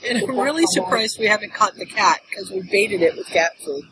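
A woman co-hosting a casual podcast, telling a lively home story and acting out the voices in it. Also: mid-range voice, brisk, background noise. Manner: animated storyteller, acts out voices. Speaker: podcast co-host.

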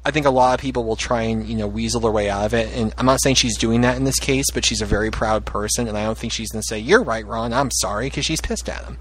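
A man's voice: on the low side, steady tone, fast talker, few pauses, a bit bright, husky, rough recording. A man co-hosting a casual discussion of a story, laying out his case point by point with emphasis.

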